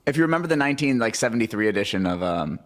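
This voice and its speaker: Lively rambling male co-host. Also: mid-range voice, racing. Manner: rambling, stammers. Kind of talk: casual comedy chat.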